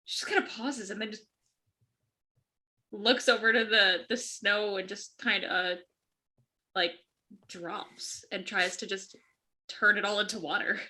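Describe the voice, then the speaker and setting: A woman's voice: mid-range voice, steady tone, measured pace, pauses often, bright, forceful tone. A woman playing a tabletop game, describing her character's actions casually. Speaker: player.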